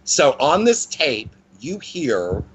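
A man telling a personal story as an interview guest, in a lively conversational way with frequent restarts. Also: slow pace, breathy edge, highs cut off. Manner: animated, with frequent pitch swings and restarts.

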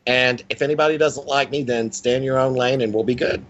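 A man's voice: medium pitch, steady tone, brisk, fairly bright tone, highs cut off. A man in his sixties, a psychic guest in a casual interview, talking in a blunt, playful and self-mocking way. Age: 60s.

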